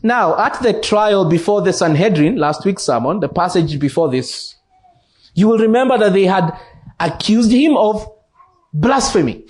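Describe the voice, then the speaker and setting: A man with a Kenyan English accent preaching an expository sermon in church, slow and deliberate, repeating key phrases for emphasis. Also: sits high, animated, darkish tone. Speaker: pastor.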